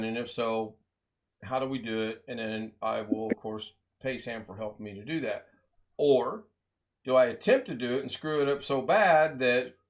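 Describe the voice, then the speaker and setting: A man from the United States hosts a casual live stream from his home setup. He talks in a loose, rambling way, with frequent laughs and side comments, at an ordinary pitch for a man. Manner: chatty, laughs often, rambling asides.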